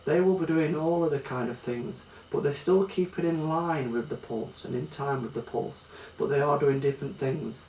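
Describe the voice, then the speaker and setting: A man's voice: a little high, moderate pace, few pauses, a little mellow, slight background noise. A man with a Yorkshire accent teaching a children's music lesson, patiently explaining pulse and rhythm step by step. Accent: Yorkshire English. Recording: echoey room, distant mic, faint ambience.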